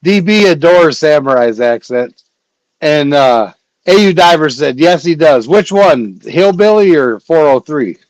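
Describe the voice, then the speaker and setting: A man hosting a casual livestream, chatting in a rambling way with filler pauses. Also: on the high side, expressive, dry recording, poor audio. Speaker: livestream host.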